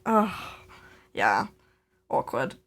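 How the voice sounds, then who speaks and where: A young woman with a lowish, fairly bright voice talks very slowly, her pitch swinging widely. Co-hosting a crafting live stream from home, she's chatty and giggly, telling a casual anecdote and often restarting her sentences.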